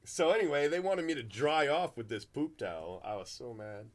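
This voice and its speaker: A middle-aged man hosts a card break in a loose, chatty way. He rambles through his stories and restarts his sentences often. His voice sits in an ordinary middle pitch. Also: expressive, moderate pace. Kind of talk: casual chat while opening cards.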